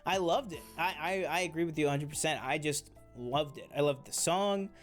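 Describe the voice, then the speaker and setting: Faint music plays behind a co-host of a TV review show as he talks at normal speed in a slightly high voice. His chat is casual and eager but rambling, full of fillers and restarts.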